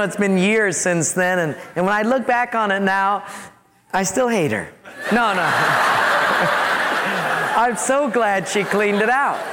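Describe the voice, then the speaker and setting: A man preaching a storytelling sermon as a pastor, animated, acting out his own yelps and asides. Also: high-pitched, long reverb tail, a little hiss or hum.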